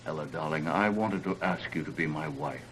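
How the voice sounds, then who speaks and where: A gentle low-voiced suitor in an old film. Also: male voice, a little fast, rough recording. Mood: tender. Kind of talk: 1930s film acting. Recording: old film soundtrack with faint noise.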